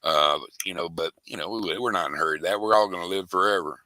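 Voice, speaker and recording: Older man, rambling folksy storyteller; low sharp voice, dry close sound. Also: quick pace, no room sound. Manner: rambling, folksy and profane, with many restarts. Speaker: interviewee. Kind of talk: casual storytelling.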